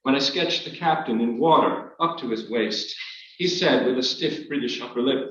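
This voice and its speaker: A man reading his memoir aloud to an audience, in a measured, wry storytelling manner. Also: medium pitch, a bit bright. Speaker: author reading his work. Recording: echoey hall, distant, dull.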